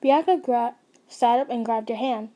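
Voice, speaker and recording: A woman's voice: on the high side, moderate pace, warm tone. A young woman narrating a fan fiction story casually, stumbling and restarting, with chatty asides to her listeners.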